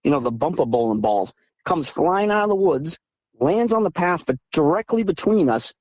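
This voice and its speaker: A man in his thirties from southeastern Massachusetts, a guest recounting encounters over a phone call in an animated, emphatic way that climbs higher when he gets heated. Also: moderate pace, no echo. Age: 30s. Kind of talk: casual storytelling interview.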